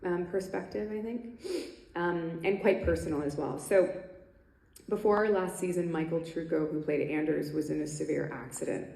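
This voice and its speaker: A woman with a deep, creaky, dark-toned voice speaks at a moderate pace as a convention panel guest. She's chatty and laughing, full of ums and restarts. The convention stage hall makes the recording echoey.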